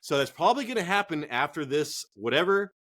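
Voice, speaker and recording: A man co-hosting a casual fantasy football chat, profane, excitable and rambling. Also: fairly high pitch, a little fast. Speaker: fantasy football podcast co-host.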